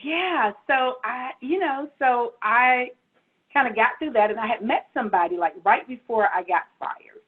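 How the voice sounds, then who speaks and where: A middle-aged woman, a guest author, telling her story casually over a video call, animated and playful, laughing often. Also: on the high side, moderate pace, husky. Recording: tinny phone-like audio.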